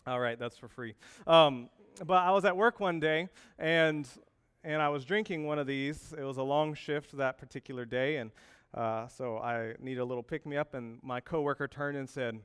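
A man preaching a lively sermon, telling a funny story with jokes and asides to the congregation. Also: on the high side, normal speed, smooth. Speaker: pastor.

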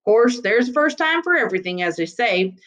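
A woman's voice: on the high side, animated, a little fast, a bit bright, dull audio, voice pushed up. A woman voicing a chatty, folksy small-town male constable with a rural drawl.

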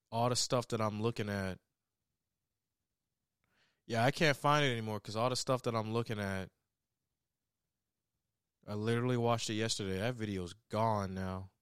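A man's voice: fairly low pitch, a bit bright, clean tone, dry recording, clean studio sound. A young man casually reviewing a short film in a rambling way, with restarts, swearing and laughs. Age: young adult. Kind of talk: casual chat.

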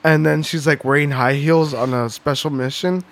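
A man co-hosting a casual podcast, his voice sitting a little high. He rambles through stories and swears freely, breaking into laughter between thoughts. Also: fairly even intonation, moderate pace. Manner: profane, rambling, laughs often. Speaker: podcast co-host. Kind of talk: casual chat.

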